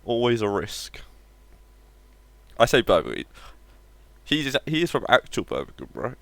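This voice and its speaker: A man's voice: medium pitch, big pitch swings, a little slow, creaky, no echo. A man streaming a game live, chatting casually with viewers in a wry, joking way and swearing offhandedly. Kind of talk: casual live-stream chat while gaming.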